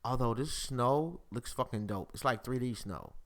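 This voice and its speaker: Here a podcast host on a live stream talks loosely, swearing a lot and laughing often. His medium-pitched voice has some vocal fry, moves at a normal speed, and comes across as animated and foul-mouthed.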